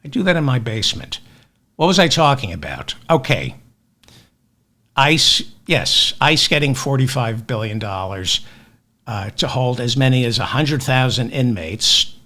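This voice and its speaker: A man's voice: medium pitch, lively intonation, a little slow, sharp tone. A man hosting a comic news podcast, sardonic and exasperated, mixing rants with asides into his webcam. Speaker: podcast host. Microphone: webcam with automatic tracking.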